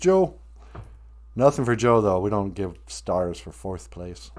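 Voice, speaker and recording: Joking man with lively, slow speech. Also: on the low side. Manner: joking, greets viewers by name, laughs often. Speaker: live stream host teaching Ojibwe. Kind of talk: casual live stream chat.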